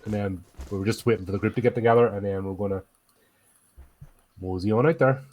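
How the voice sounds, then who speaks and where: Man, tabletop player, joking, fairly low pitch. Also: fast, a little mellow. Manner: joking, dry asides. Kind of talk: casual chat at a tabletop game.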